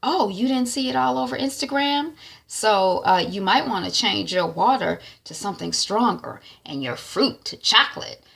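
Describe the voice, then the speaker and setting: A woman's voice: medium pitch, lively intonation, moderate pace, vocal fry, fairly bright tone, husky, heavily acted. A woman voicing a teasing, bossy younger sister who needles her big sister about her weight. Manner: mocking, needling.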